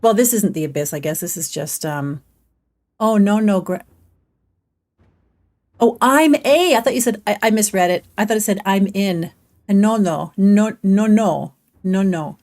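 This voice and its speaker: A woman's voice: medium pitch, unhurried, long pauses, a little mellow. Chatty middle-aged woman streamer. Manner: chatty, laughs often, reads chat aloud. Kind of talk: casual gameplay livestream chat.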